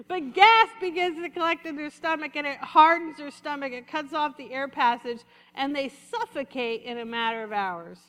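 Bright high-voiced woman preaching in a hall. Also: normal speed, few pauses. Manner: lively preaching, acts out quotes and sheep sounds. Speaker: pastor. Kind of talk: sermon. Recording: echoey hall with long reverb.

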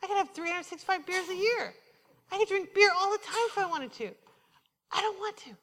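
A woman's voice: extremely high pitch, a little fast, in a large hall. A woman preaching a sermon in a church, telling personal stories and acting out what people said to her. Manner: animated storytelling, quoting herself and others. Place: church sanctuary.

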